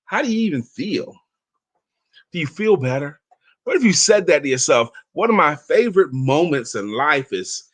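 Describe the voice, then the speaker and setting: A man's voice: on the high side, fairly bright tone, no echo. A man in his fifties hosting an inspirational talk, telling stories and reading aloud in an emphatic, chatty way. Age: 50s. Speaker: motivational talk host.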